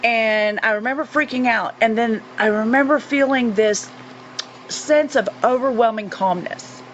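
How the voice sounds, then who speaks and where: A woman in her forties from North Carolina with a fairly high voice tells her story earnestly, pausing often and filling gaps. The recording is slightly muffled, and a faint hiss runs underneath. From North Carolina, USA. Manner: earnest, halting storytelling with many fillers. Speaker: guest. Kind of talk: recounting a personal experience.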